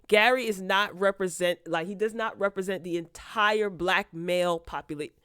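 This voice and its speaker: A woman's voice: lowish voice, steady tone, a little fast, hardly any pauses, fairly bright tone, clear, resonant tone, no room sound, clean studio sound. Exasperated woman recapping a TV episode. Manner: incredulous, exasperated commentary with sarcastic asides. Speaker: TV recap vlogger.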